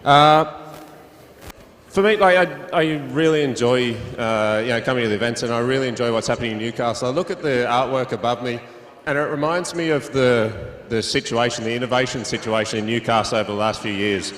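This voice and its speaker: A man's voice: medium pitch, brisk, a bit bright. A man giving a reflective acceptance speech with many fillers. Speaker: award winner. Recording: echoey hall.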